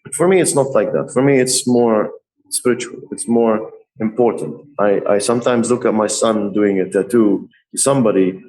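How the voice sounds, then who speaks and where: A middle-aged man, a tattoo artist guest on a podcast, telling stories in an animated way and often laughing. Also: fairly low pitch, normal speed, poor audio. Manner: laughs often, lively retelling. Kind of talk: animated storytelling.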